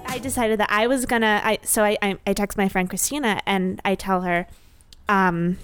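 A woman guest on a podcast, telling a dating story with deadpan dry humor. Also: medium pitch, moderate pace, clear, resonant tone, no echo, faint music behind. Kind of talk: casual storytelling.

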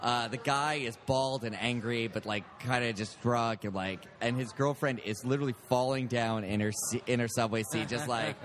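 A man hosting a podcast, telling a long story in casual chat, animated and often laughing. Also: mid-range voice, moderate pace, hardly any pauses. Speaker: podcast host.

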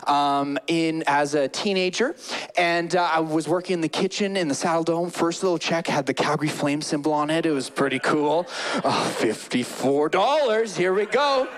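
A man in his thirties preaching a sermon, telling stories with animation and acting out the people in them. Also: sits high. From Canada. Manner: animated storytelling, acts out quoted people. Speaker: pastor.

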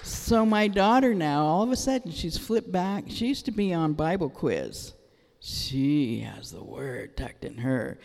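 A middle-aged woman gives an animated sermon testimony, telling her story with bursts of excited exclamation. Her voice rings out with a long reverb, like a large church hall. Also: low voice, a little slow, gravelly. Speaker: church speaker.

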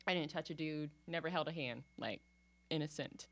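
A woman's voice: low voice, normal speed. A young woman in casual podcast chat, playful and dramatic as she tells stories, often calling her friend "girl".

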